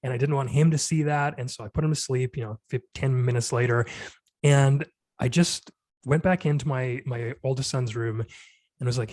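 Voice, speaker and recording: A man's voice: mid-range voice, fairly even intonation, normal speed, darkish tone, dry recording. Earnest man telling a story, dry sound. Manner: earnest, reflective, many fillers like "you know" and "like". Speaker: podcast guest. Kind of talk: candid conversational storytelling.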